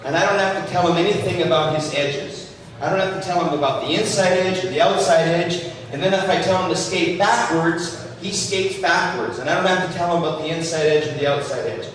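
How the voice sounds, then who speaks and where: A man's voice: high voice, fairly quick. Man lecturing in an echoey hall. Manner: animated, jokey, demonstrating moves. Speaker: hockey skating instructor. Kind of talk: lecture to a live audience. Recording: echoey hall, distant mic.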